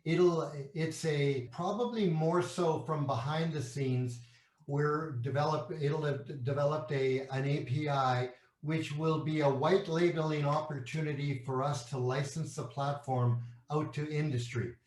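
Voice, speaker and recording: A man's voice: fairly high pitch, steady tone, unhurried, a little mellow, roomy sound. A man from Canada, a company executive, explaining his products in an interview, asking rhetorical questions and using everyday analogies, with frequent restarts.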